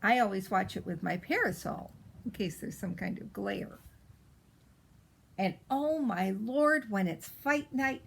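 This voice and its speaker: A woman voicing a precocious, spoiled little girl as she reads a storybook in character, with a pert, drawn-out way of stressing words. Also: medium pitch, gravelly, husky, heavily acted, rough recording.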